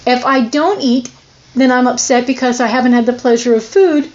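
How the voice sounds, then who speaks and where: A woman's voice: a little high, normal speed, darkish tone, lo-fi sound. A woman giving an earnest, emotionally open personal testimony in a candid, confessional way. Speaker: person sharing her struggles.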